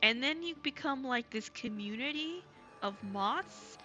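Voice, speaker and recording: A bubbly woman chats casually on her live stream, gushing over viewers as she plays. Her voice sits a little high with a bright, tense edge. Soft music plays faintly behind her. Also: unhurried. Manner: bubbly and gushing, thanks chat excitedly. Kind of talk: casual live-stream chat while gaming.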